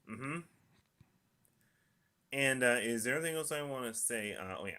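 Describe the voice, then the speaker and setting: A young man talks straight into his camera in a very bright, lively voice. He wanders from point to point and keeps saying "mm-hmm" and "and also" between thoughts. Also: medium pitch. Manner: repetitive, punctuated by "mm-hmm" and "and also". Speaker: video diarist. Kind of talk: rambling monologue.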